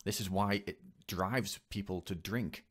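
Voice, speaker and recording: A man telling a personal story in a confessional vlog, speaking haltingly and earnestly with many repeats. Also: low voice, fairly even intonation, husky. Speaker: vlogger.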